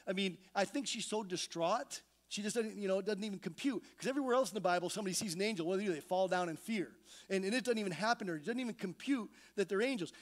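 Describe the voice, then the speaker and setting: A man preaching a sermon in a church, his voice pitched notably high for a man. He tells the story with animated energy and slips into voices to act out the scenes. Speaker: pastor. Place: church sanctuary.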